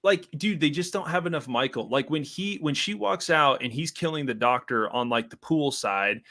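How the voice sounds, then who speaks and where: A man's voice: fairly high pitch, normal speed. A young man chatting casually as podcast host, swearing a lot and mocking lines in exaggerated voices. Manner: profane, animated, mocks film lines in exaggerated voices. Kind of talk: casual chat.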